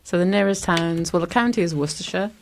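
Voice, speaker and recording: A woman's voice: fairly low pitch, fast, vocal fry, a little hiss or hum. A woman from England with an English accent, chatting casually as a guest on an interview podcast, laughing often and self-deprecating. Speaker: guest artist.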